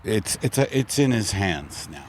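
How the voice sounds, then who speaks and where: A low-voiced man hosting a comedy podcast, trading wry, profane jokes in loose chat. He is recorded outdoors in a park. Faint noise sits behind him. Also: sing-song, unhurried. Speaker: podcast host.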